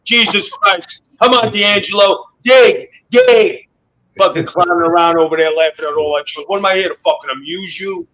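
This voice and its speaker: A man with a high-pitched voice roasts everyone around him in a brash, mock-mobster bluster. He swears constantly and tells stories about his wrestling career. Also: steady tone, fairly quick, hardly any pauses, bright, forceful tone, rough recording. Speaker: guest on a wrestling podcast. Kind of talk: profane roast and storytelling.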